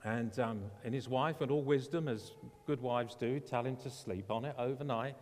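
A man's voice: mid-range voice, normal speed, darkish tone, slight background noise. A man preaching as a pastor, earnestly retelling a story and quoting the people in it. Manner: earnest, retells stories with quoted voices. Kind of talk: sermon storytelling. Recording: long hall reverb.

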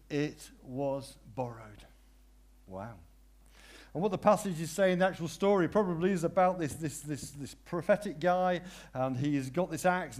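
A man delivers a sermon in a slightly raised voice. He shifts from soft, prayerful murmurs to loud, emphatic cries and repeats key questions with drawn-out phrasing. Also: fairly high pitch. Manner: dramatic swings between hushed prayer and loud cries. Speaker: preacher.

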